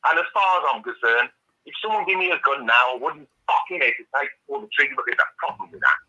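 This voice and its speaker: A man's voice: medium pitch, lively intonation, quick pace, sharp tone, dull audio. A man calling in by phone to a live chat, ranting furiously and swearing constantly. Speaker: caller. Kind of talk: angry call-in rant. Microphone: phone call.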